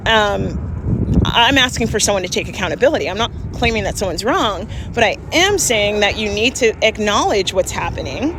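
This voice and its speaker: A woman's voice: medium pitch, expressive, moderate pace, noisy background. A woman, telling an emphatic vlog story with laughs, recorded on a phone outdoors. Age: 40s. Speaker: vlogger. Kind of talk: ranting vlog.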